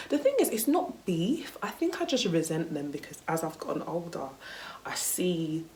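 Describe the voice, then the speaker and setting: Low-voiced woman telling a story. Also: big pitch swings, moderate pace, darkish tone, a little hiss or hum. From United Kingdom. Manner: candid and chatty, peppered with "like" and "you know", casual swearing. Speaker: vlogger. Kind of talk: casual story time.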